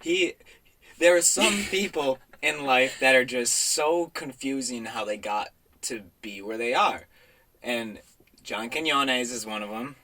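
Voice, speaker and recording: Bright-voiced young man, jokey podcast host. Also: medium pitch, unhurried. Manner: animated, jokey, laughing asides. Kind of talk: casual chat.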